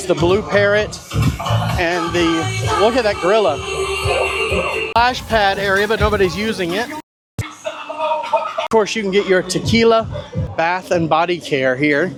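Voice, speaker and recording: Loud music plays behind a high-pitched, expressive male voice that keeps a measured pace with long pauses. He's a travel agent vlogging his walk through a cruise port's outdoor shopping area, offering chatty, upbeat commentary and easy asides about what he sees.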